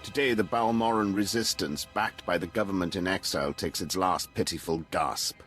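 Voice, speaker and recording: An actor playing a scheming male imperial official in a game, speaking formally and with smooth flattery. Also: sits low, moderate pace, soft background music. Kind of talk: game dialogue.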